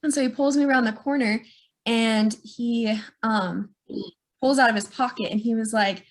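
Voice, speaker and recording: Reflective young woman, slightly high voice. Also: steady tone. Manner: reflective, unhurried, many fillers. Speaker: niece sharing a memory. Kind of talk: casual storytelling.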